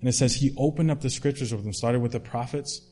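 A man's voice: mid-range voice, quick pace, darkish tone. A man preaching a sermon in a conversational way, retelling a story with restarts and fillers.

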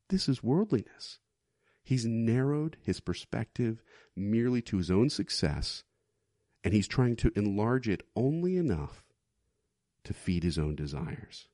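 Animated low-voiced male preacher. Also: a little slow, no echo, studio quality. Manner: animated, emphatic, asks rhetorical questions. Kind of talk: sermon.

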